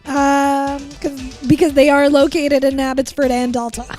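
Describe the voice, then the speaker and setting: A woman's voice: high voice, little pitch movement, normal speed, darkish tone, faint music behind. A Canadian woman co-hosting a hockey podcast, playful and giggly, also reading a sponsor spot. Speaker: podcast co-host. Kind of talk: casual chat and read sponsor ad.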